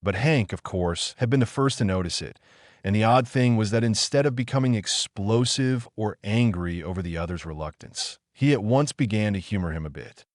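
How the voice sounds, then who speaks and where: A man reading a horror audiobook in a measured, somber storytelling manner. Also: lowish voice, expressive, dry recording, studio quality. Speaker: narrator. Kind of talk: scripted horror audiobook narration.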